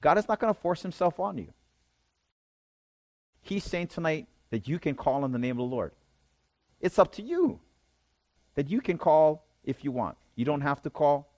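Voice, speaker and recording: A man's voice: fairly high pitch, sing-song, moderate pace, long pauses, darkish tone, dry recording. A man preaching a sermon, reading scripture aloud and explaining it, often checking in with his listeners. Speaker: pastor.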